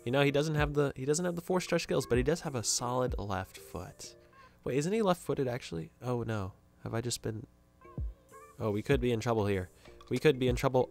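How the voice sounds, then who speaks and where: A young man giving casual, jokey video game commentary, reacting loudly to every play. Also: medium pitch. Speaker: gaming YouTuber.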